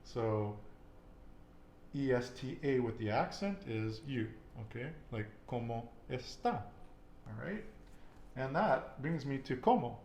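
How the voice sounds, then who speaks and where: A man runs a relaxed Spanish lesson and keeps asking his student questions to check what she knows. His voice bounces around a reverberant room. There is a light hiss of background noise. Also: mid-range voice, slow. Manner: patient, quizzing with questions. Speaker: Spanish teacher. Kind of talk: casual language lesson.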